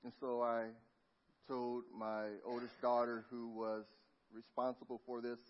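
A middle-aged man preaching a sermon, telling a family story and dropping to a near hush at tender moments. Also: mid-range voice, monotone, a little slow, a little hiss or hum. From Los Angeles. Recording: muffled lo-fi sound.

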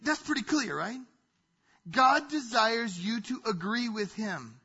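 A man's voice: extremely high pitch, expressive, slow pace, sharp tone, breathy edge. A man preaching a sermon from a church stage, emphatic and repetitive in his delivery. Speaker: pastor. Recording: dull lo-fi sound.

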